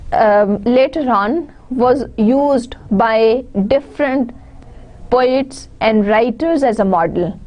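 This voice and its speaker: In a fairly high, slightly mellow voice, a Pakistani English speaker, Urdu-born, lectures online. She explains things one step at a time and repeats her key points.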